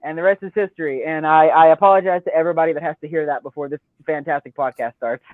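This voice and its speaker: A man's voice: on the high side, steady tone, quick pace, no echo. A man guest telling a rambling, profane story in casual podcast chat. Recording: tinny phone-like line, dry.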